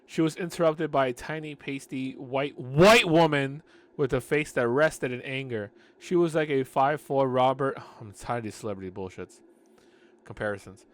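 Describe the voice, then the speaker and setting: A man's voice: medium pitch, normal speed. A man reading a novel aloud, breaking off for sarcastic asides about the writing. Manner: sarcastic asides, frequent restarts. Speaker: audiobook reader and commentator. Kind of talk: casual reading with commentary.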